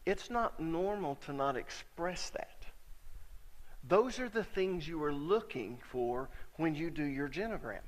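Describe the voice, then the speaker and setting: A middle-aged man preaching a sermon as a pastor, telling stories in a conversational way and sometimes getting suddenly loud for emphasis. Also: fairly high pitch, big-room sound.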